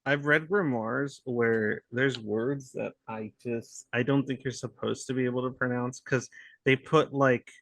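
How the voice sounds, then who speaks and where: A man's voice: mid-range voice, fairly even intonation, a little slow, vocal fry, fairly bright tone, no echo. Rambling, laughing man on a podcast. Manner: rambling, laughing, lots of fillers and swearing. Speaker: podcast co-host. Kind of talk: casual podcast chat.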